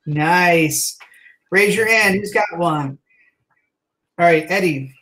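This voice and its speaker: A man co-hosting and directing a live online improv show, talking in quick, upbeat emcee patter over a video call. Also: high voice, pushed and bright, poor audio. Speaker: co-host and director of the improv troupe.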